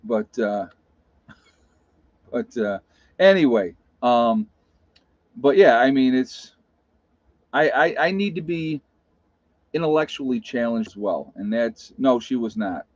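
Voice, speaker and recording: A man's voice: medium pitch, animated, slow pace, pauses often, no echo. A man hosting a casual live stream, talking bluntly and telling stories to his chat. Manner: blunt, plain-spoken storyteller. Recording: dull lo-fi sound.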